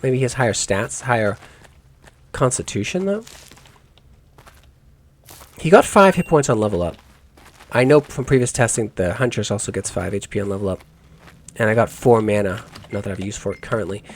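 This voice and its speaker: A man's voice: on the low side, fairly quick, pauses often, slight background noise. A man giving let's play commentary on a game, musing aloud in rambling asides and correcting himself as he goes. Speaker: gaming YouTuber.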